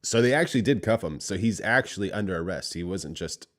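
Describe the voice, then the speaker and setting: Deep-voiced man giving rambling reaction commentary. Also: animated, fast talker, slight background noise. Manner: rambling, trailing off into quiet asides. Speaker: reaction streamer.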